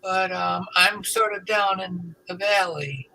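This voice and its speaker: A man's voice: high voice, slow, gravelly, sharp tone, slight background noise, rough recording. A man chatting casually on a group stream, making dry teasing remarks.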